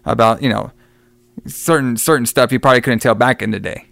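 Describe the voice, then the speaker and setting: A man's voice: medium pitch, a little fast, creaky, a bit bright, no room sound. A man co-hosting a casual horror movie podcast, retelling scenes in a loose, profane way. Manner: loose, profane, acts out scenes with quoted voices. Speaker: podcast co-host reviewing horror films. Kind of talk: casual chat.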